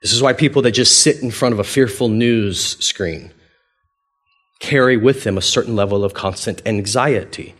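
Man, pastor, sermon, mid pitch, conversational, animated. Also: normal speed. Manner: animated, acts out quoted dialogue with big pitch jumps; conversational, playful, chuckles often.

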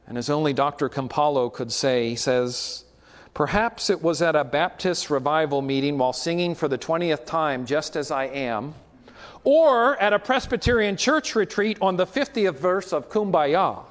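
A man's voice: on the high side, expressive, moderate pace, long reverb tail. A man preaching a sermon as pastor, in a conversational way with frequent asides to the congregation.

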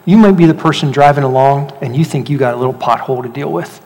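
A man preaching a sermon as pastor, animated, swinging between loud rhetorical questions and hushed emphasis. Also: mid-range voice, fast, hardly any pauses. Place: church hall. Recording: long hall reverb.

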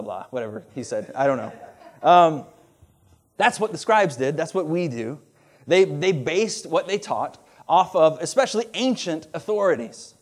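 Higher-voiced man preaching a sermon. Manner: conversational and animated, with laughs and asides. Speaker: pastor.

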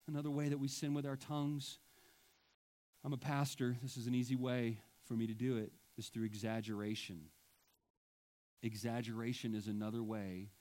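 A man's voice: mid-range voice, level tone, normal speed, a little mellow. A male pastor preaching a sermon with emphatic delivery and wry asides.

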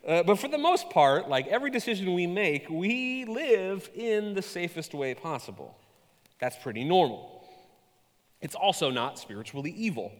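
A man preaching a sermon, telling stories with animated, self-mocking humor. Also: high voice, moderate pace, long reverb tail. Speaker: pastor.

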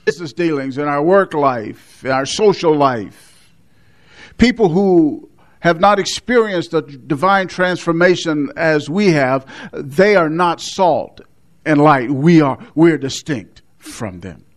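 A male pastor delivers a measured sermon. His voice sits fairly high for a man, and he leans hard on repeated words for emphasis. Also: expressive. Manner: measured preaching with emphatic repetitions.

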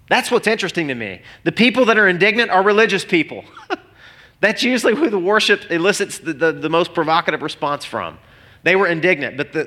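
A male pastor preaching a sermon to a congregation, animated and conversational, often restarting phrases. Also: a little high. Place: church hall before a congregation.

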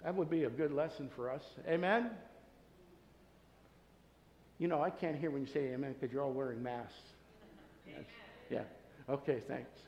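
A man preaching a sermon to his congregation, earnestly swinging between loud emphatic points and soft, quiet asides. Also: mid-range voice, brisk, muffled recording. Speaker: pastor. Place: church sanctuary with masked congregation. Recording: echoey church hall.

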